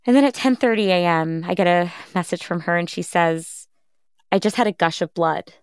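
A woman in her thirties who hosts a podcast shares her personal story in an interview, speaking at a moderate pace in a lowish, clear and resonant voice. The studio-quality audio has no echo. Thoughtful and sincere, she frequently acts out what others told her in lively retellings.

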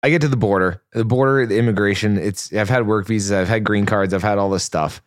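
Man from Canada, deep voice, fast rambling talk, dry close mic. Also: clean tone, dry recording. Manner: quick, rambling, lots of fillers. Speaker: podcast co-host. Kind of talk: casual podcast chat and storytelling.

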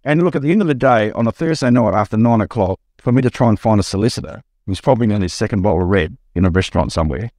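Lively Australian man telling a story. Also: racing, few pauses, no room sound, clean studio sound. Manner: storytelling, acts out quotes with rising pitch. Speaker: buyer's agent guest. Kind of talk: animated anecdote in podcast chat.

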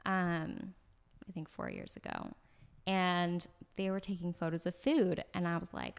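A woman from Los Angeles, a podcast guest, telling a story in a chatty, animated way, full of likes and ums, recorded in an apartment. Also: on the low side, measured pace, gravelly, clean tone. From Los Angeles, USA. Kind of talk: casual conversational storytelling. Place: floor of a new apartment.

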